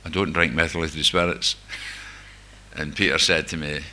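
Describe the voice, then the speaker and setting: Older man, Glasgow Scottish accent, very deep voice, bright sharp tone, wry candid testimony. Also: steady tone, normal speed. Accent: Scottish, Glasgow area. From Scotland, near Glasgow. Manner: candid, self-mocking storytelling with wry humor. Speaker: speaker sharing recovery story. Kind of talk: personal testimony to a group.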